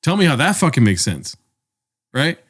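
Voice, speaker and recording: A man's voice: mid-range voice, moderate pace, slightly rough. A young man co-hosting a podcast, telling a story in casual chat, swearing often and acting out the voices of people in it. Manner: animated, swears often, acts out voices in his stories. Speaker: podcast co-host.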